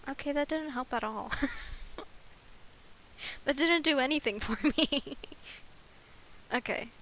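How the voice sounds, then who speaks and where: Young woman streamer, casual game commentary, playful, self-mocking, bright voice. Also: high voice, takes it slowly, rough recording.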